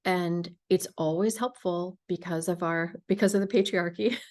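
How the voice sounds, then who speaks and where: A woman hosting a podcast interview, telling stories in a casual, emphatic and animated way. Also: lowish voice, normal speed. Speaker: podcast host.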